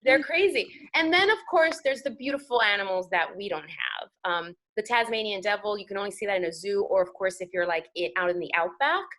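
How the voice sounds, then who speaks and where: Brief: American actress, animated and talkative, mid-pitched, interview guest. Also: female voice, a little fast, few pauses. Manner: animated, chatty, many fillers. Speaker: guest actor. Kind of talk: casual interview chat.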